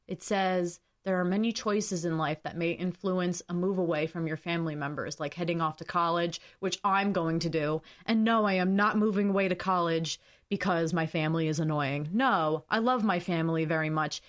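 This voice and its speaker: Young woman, podcast host, earnest, emotional, rambling, fillers, reads notes aloud. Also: on the low side. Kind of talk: solo podcast talk, partly reading notes aloud.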